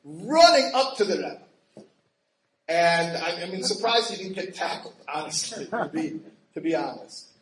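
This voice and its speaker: A man telling a story in an animated, laughing way, acting out quoted voices with big jumps in pitch. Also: unhurried. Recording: roomy echo with faint ambient noise.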